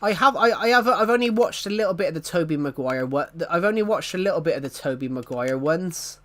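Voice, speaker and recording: A man's voice: sits high, lively intonation, fairly quick. A young man chatting casually on a live stream, rambling and self-deprecating, often laughing and restarting his sentences.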